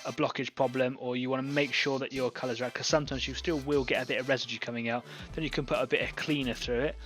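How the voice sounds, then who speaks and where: Man, live-stream painting host, chatty, thinks aloud with fillers, mid-pitched, soft music underneath. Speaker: online painting club host.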